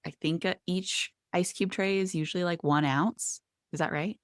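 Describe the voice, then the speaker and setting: A woman with a notably low voice co-hosts a relaxed podcast conversation. She explains things step by step in a chatty, self-deprecating way. The sound is close and dry, with no room around it. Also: moderate pace, no echo. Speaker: podcast co-host. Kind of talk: casual podcast chat.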